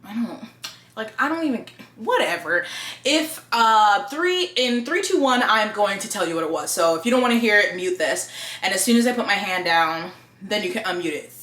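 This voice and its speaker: A book reviewer talks bluntly and expressively in a casual review chat, swearing without much thought. Her mid-range voice moves at normal speed, and the room she's in is echoey.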